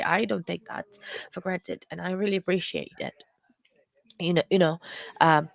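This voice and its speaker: A woman hosting a live stream, chatting with viewers in an earnest, emotional way, halting with many fillers and restarts. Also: medium pitch, creaky, no room sound. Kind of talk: casual chat with live viewers about a court case.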